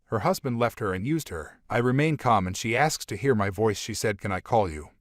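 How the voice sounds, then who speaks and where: A man reading aloud a first-person relationship story from an online forum in a steady, plain manner. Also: fairly low pitch, fairly quick, no echo, studio quality. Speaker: story narrator.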